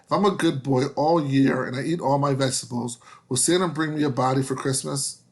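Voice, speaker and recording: A man voicing an eager little boy who pleads excitedly in a joke he tells. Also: mid-range voice, a little fast, close to an everyday voice. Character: eager little boy born as just a head.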